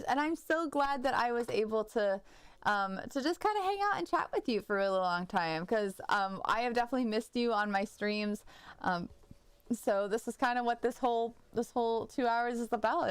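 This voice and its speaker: A young woman talks loosely to her viewers while she games, drifting from one thought to the next and stacking up "like" and false starts. Her voice comes through smooth and clean. The sound is dry and close, with no room echo. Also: fairly high pitch. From United States. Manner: rambling and chatty, full of "like" and restarts. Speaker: streamer. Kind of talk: casual live-stream chat while gaming.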